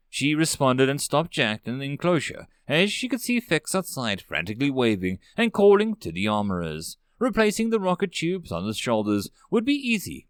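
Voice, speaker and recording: A man narrating a sci-fi audiobook story in an animated way. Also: mid-range voice, clear, resonant tone, no room sound, clean studio sound.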